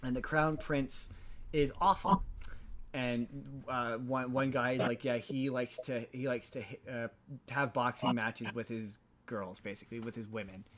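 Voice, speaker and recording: A man of medium pitch chats casually as a podcast host, recapping a story. He rambles, trips over his words and restarts sentences often. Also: fairly even intonation, a little slow, fairly bright tone, a little hiss or hum. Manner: rambling, frequent restarts and stammered repeats. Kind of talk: casual chat recapping a film.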